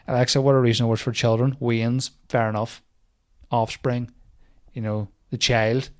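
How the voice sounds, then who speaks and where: A young man hosts a comedy podcast, talking in a loose, rambling monologue. He swears freely and pokes fun at whatever he reads out. His voice sits in an ordinary middle pitch. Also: little pitch movement, moderate pace.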